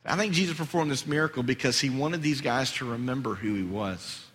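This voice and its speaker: A man preaching a sermon as pastor, animated and rising high and loud for emphasis. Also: brisk, a little hiss or hum. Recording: long hall reverb.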